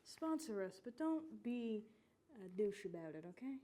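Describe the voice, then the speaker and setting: A woman's voice: medium pitch, big pitch swings, moderate pace, warm tone. A woman co-hosting a casual podcast chat in a library podcast room, blunt, laughing and swearing freely. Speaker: podcast co-host.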